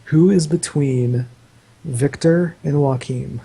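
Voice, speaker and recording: A man's voice: on the high side, takes it slowly, vocal fry, mellow, husky, low-quality recording. A man running a tabletop game as game master, narrating loosely with lots of "like" fillers. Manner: loose, meandering, full of "like" fillers.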